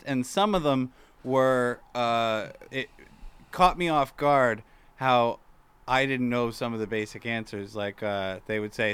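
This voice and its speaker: A man co-hosting a podcast, telling a wry, self-deprecating story in a relaxed way. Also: medium pitch, clear, resonant tone. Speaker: podcast co-host. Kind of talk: casual storytelling.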